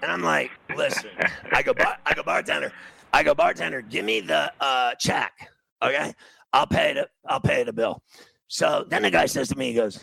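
A middle-aged man tells a casual anecdote and acts out every bit of quoted dialogue. His voice is heavily gravelly and full of fry. It has a bright, forceful edge. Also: a little high, normal speed, no echo, low-quality recording. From New York City.

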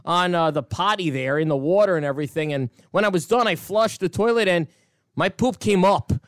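A man hosting a comic morning radio show, telling stories and often getting worked up to shouting. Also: high-pitched, fairly quick, dry recording, studio quality. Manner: storytelling, rising to exasperated shouting.

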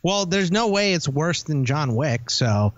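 A man's voice: fairly high pitch, lively intonation, measured pace, dry recording. A man co-hosting a podcast in casual banter, teasing and blunt. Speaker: podcast co-host. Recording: dull lo-fi sound.

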